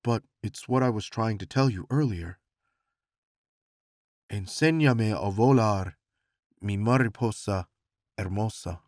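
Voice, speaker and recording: A man's voice: on the low side, moderate pace, few pauses, dry recording, studio quality, close to an everyday voice. A man doing a charming easygoing frat guy. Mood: earnest. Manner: relaxed, flirty, laying on charm.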